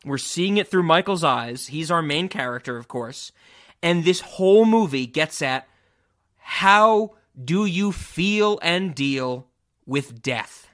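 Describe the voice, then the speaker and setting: A man's voice: on the high side, animated, takes it slowly, a bit bright. A man hosting a casual film discussion podcast over a remote call, enthusiastic and rambling, swearing casually. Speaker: podcast host. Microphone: remote podcast call, cameras off.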